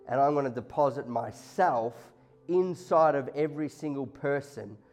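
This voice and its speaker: A man's voice: medium pitch, darkish tone. A man preaching a sermon to a congregation, impassioned, often acting out God and listeners in quoted lines. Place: church hall before a congregation. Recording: faint music behind.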